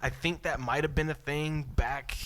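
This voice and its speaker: Acting out other people's quotes and laughing frequently, this animated man co-hosts a podcast and spins a funny story in relaxed chat. His pitch is on the high side and his pace is moderate.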